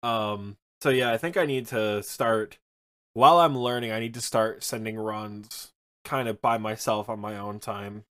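A man co-hosting a casual gaming podcast, telling stories in an animated way, laughing and swearing now and then. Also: fairly low pitch, unhurried, clean tone. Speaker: podcast co-host. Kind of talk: casual chat about a video game.

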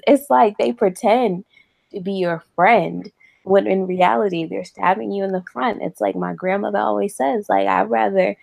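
Woman, from the American South, casual podcast chat, blunt, profane, gravelly voice, dry sound. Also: medium pitch, moderate pace, a little mellow, dry recording. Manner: blunt, profane, laughs often. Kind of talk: casual reality-TV recap chat.

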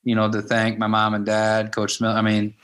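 A man in his fifties, a high school wrestling coach, telling stories in a casual interview and acting out the dialogue. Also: monotone, normal speed, fairly bright tone. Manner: anecdotal, acts out quoted dialogue with "I'm like".

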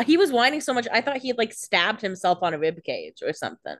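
A sarcastic woman on a podcast, trading dry wisecracks about a show. Her voice swings up and down a lot, so she sounds animated. She is recorded close and dry. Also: mid-range voice, fast, no room sound. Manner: sarcastic, teasing asides. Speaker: podcast co-host. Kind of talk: casual chat, wisecracks.

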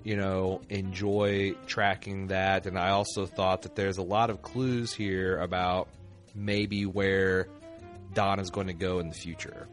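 A man's voice: little pitch movement, unhurried, soft background music. A man co-hosting a casual podcast, wry and jokey as he trades remarks about an episode. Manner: wry, jokey, slightly low-key. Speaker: podcast co-host. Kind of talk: casual recap chat.

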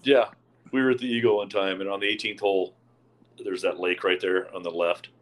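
Low-voiced man in casual podcast banter. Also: fairly even intonation, brisk. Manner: profane, laughs through his stories. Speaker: podcast co-host. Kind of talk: casual chat.

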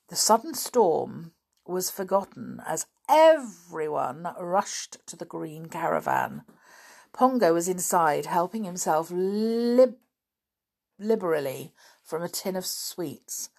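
A woman reading a children's story aloud and hosting a podcast, in a gentle, unhurried manner. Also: lowish voice, big pitch swings, vocal fry.

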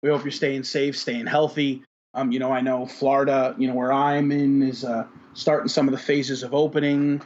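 A man with a husky, slightly raspy voice hosts a podcast in loose, casual chat. He rambles, stacks up filler words and swears freely. The recording sounds dull and lo-fi. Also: medium pitch, flat delivery, moderate pace, darkish tone. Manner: rambling, heavy on fillers, profane. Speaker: podcast host.

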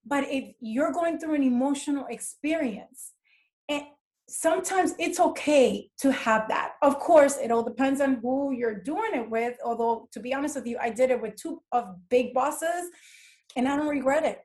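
A woman's voice: high voice, moderate pace, darkish tone. A middle-aged woman speaking as a podcast guest, candid and emphatic as she tells stories from her working life. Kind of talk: casual conversation.

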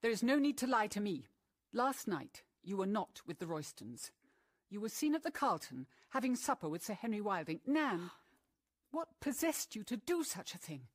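An actress playing a middle-aged mother, grave and protective, in an old-fashioned film drama with a husky, serious delivery. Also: medium pitch, big pitch swings, normal speed, no echo. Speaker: mother of two grown daughters.

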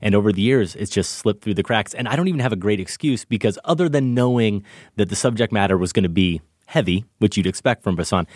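A man's voice: fairly low pitch, fast, darkish tone, no echo, clean studio sound. A man co-hosting a film podcast, chatting about movies in a candid, easygoing way. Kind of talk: film review chat.

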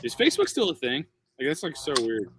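Man, thirties, comedian co-host, quick crude banter, restless delivery, crisp forceful tone. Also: a little high, wildly swooping pitch, slight background noise. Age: 30s. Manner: rapid, profane, joking banter with many restarts. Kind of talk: casual podcast chat.

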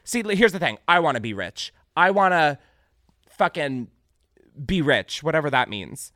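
A man's voice: on the high side, moderate pace, no room sound, studio quality. A young man hosting a podcast, riffing on news stories in casual, sarcastic comedic chat, swearing freely. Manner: animated, sarcastic, swears freely, breaks into laughter. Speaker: podcast host.

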